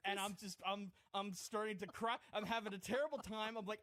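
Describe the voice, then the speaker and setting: A man's voice: high-pitched, a little fast, few pauses, a bit bright, dry recording. A man on a podcast telling a self-mocking comic story, rambling and breaking into laughter. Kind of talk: casual comedic storytelling.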